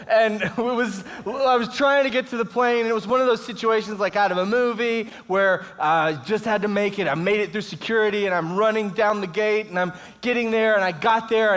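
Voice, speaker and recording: A man in his thirties, a guest speaker giving an inspirational talk at a church service, telling stories with chuckles. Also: high-pitched. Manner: lively storytelling with chuckles. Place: church auditorium, live audience.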